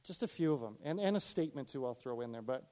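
Speaking fast in a mid-range voice, this middle-aged pastor recounts a personal story during his sermon. He's animated throughout and performs the dialogue himself.

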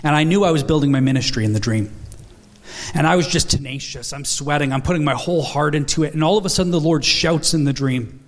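A man's voice: on the high side, fast talker. A man in his thirties preaching an earnest, storytelling sermon, acting out the dialogue in his stories.

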